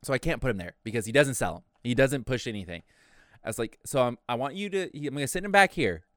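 Young man, lively pitch, smooth clear voice, dry close sound, casual storytelling, swears a lot. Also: quick pace, no room sound. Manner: animated, profane, acts out quotes. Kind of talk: casual podcast chat.

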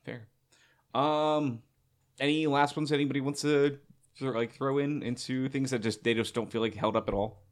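A man's voice: medium pitch, steady tone, moderate pace. Rambling man chatting on a podcast. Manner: rambling, filler-heavy. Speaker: podcast co-host. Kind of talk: casual chat.

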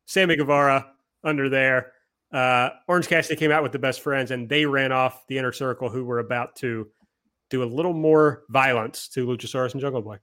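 A man's voice: medium pitch, steady tone, a little fast, fairly bright tone. Chatty man hosting a podcast. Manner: chatty, reads from notes, self-deprecating. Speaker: podcast host. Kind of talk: casual chat, recapping wrestling.

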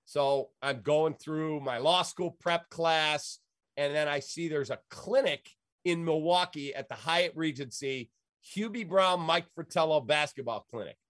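A man's voice: a little high, unhurried, dry recording, studio quality. A middle-aged man from the Chicago area, telling a story in casual talk and acting out the voices of the people in it. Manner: lively, acts out quoted voices.

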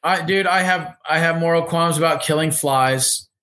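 A man's voice: a little high, normal speed, bright, forceful tone. A man as a guest on a casual podcast interview, talking in an earnest way about spiritual ideas.

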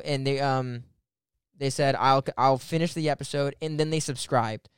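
A young man hosting a podcast, telling a story in casual, animated chat and swearing now and then. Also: medium pitch, moderate pace, smooth, no room sound, clean studio sound. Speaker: podcast host.

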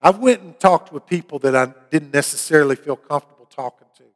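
A man's voice: fairly high pitch, fast talker, in a large hall. A middle-aged man preaching a sermon, telling a personal story in an earnest way and rising to emphatic preaching. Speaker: pastor.

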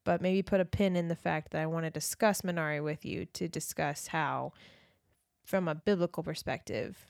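A woman's voice: deep voice, fairly even intonation, normal speed, gravelly, dry recording, studio quality. Chatty woman co-hosting a podcast. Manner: chatty, frequent affirming murmurs. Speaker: podcast co-host. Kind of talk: casual conversation.

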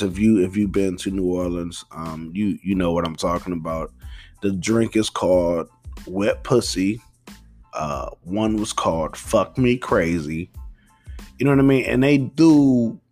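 Young male host, lowish voice, loose slangy storytelling, soft music underneath. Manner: rambling, profane, slangy, laid-back. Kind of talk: casual storytelling monologue.

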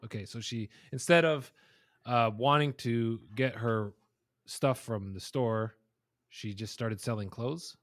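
A man's voice: medium pitch, takes it slowly, a bit bright. A man hosting a gaming podcast, reading a story aloud and breaking off for casual asides. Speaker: podcast host.

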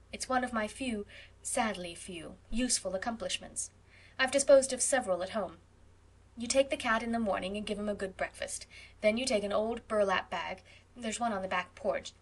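A woman reading aloud and voicing a breezy, capable young college woman who talks in a brisk, matter-of-fact way, in an audiobook. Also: mid-range voice, breathy edge, close to an everyday voice. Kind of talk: audiobook character voice.

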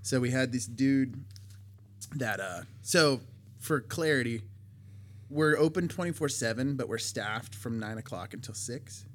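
A man's voice: mid-range voice, lively intonation, unhurried, a bit bright. A young man talking casually as a podcast co-host, laughing often and telling stories with plenty of swearing. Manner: laughs often, storytelling with profanity. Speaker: podcast co-host, band member. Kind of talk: casual chat.

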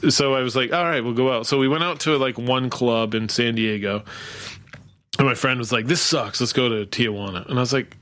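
A man's voice: mid-range voice, steady tone, fairly quick, fairly bright tone, clean tone. A man hosting a casual podcast chat, rambling through a story with lots of restarts and chuckling as he goes. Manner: rambling, full of fillers and restarts, laughs while telling. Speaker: podcast host.

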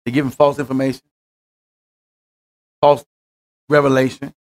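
A man preaching a sermon as pastor, rising into shouts and then dropping to near hushes. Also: mid-range voice, flat delivery, normal speed. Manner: preaching with rising shouts and sudden quiet drops.

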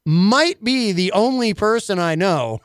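A man's voice: high voice, expressive, measured pace, no room sound, studio quality. A man hosting a casual talk radio show, rambling and full of filler words.

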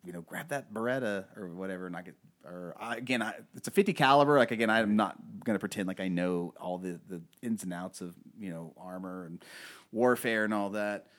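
A man's voice: fairly low pitch, brisk. A man hosting a podcast, chatting casually about a film in a rambling way with lots of fillers. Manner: rambling, many fillers, acts out movie quotes. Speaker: podcast host.

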